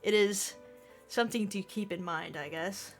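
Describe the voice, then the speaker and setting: A woman's voice: medium pitch, moderate pace, faint music behind. Woman casually reading game text. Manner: laughs easily, swears when annoyed. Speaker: let's play streamer reading game text. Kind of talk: casual gaming chat and reading aloud.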